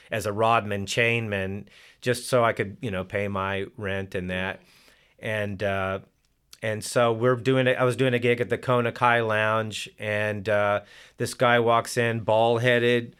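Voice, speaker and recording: A man's voice: fairly low pitch, a bit bright, clean tone. An older man and musician telling casual stories in an interview, rambling with many restarts. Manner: rambling, full of fillers and restarts. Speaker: musician guest. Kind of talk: casual storytelling.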